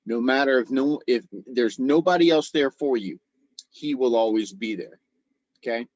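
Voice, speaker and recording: A man's voice: medium pitch, moderate pace, a little mellow, no room sound, muffled recording. A man hosting a faith and football show, giving an informal devotional talk and speaking straight to his viewers as "guys".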